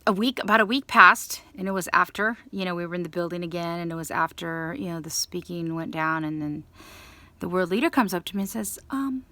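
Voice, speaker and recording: A woman telling a long personal story in a rambling, animated way, acting out the people she quotes. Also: fairly low pitch, a little fast, no echo. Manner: restarts and trailing asides. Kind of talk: casual storytelling monologue.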